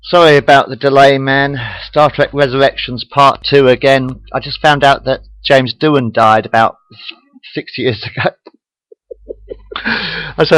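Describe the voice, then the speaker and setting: A man's voice: mid-range voice, steady tone, normal speed, fairly bright tone, dry recording, poor audio. Dude reading his own fan story on webcam, stops to say sorry and redo lines, dry sound. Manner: casual, with apologies and restarts. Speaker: amateur storyteller.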